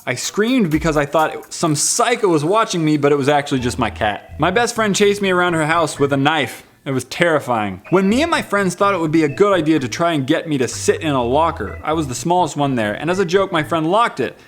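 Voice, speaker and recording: A man's voice: on the high side, brisk, hardly any pauses. A man in his twenties hosting a vlog, reading viewer comments in a playful, joking way. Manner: playful, jokey, animated. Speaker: vlog host.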